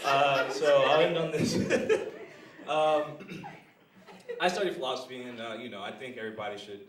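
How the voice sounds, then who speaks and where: At a small comedy club, a young man performs a crude live routine, laughing at his jokes as he tells them. He speaks at a moderate pace in a mid-range voice, with slight background noise, recorded from a distance in a roomy venue.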